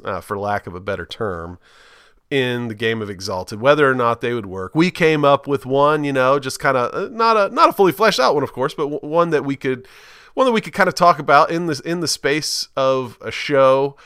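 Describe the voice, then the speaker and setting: A man's voice: medium pitch, expressive, normal speed, a bit bright, clear, resonant tone, no room sound, clean studio sound. A man, co-hosting a podcast in casual, enthusiastic chat and laughing often. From Alabama, USA. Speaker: podcast co-host.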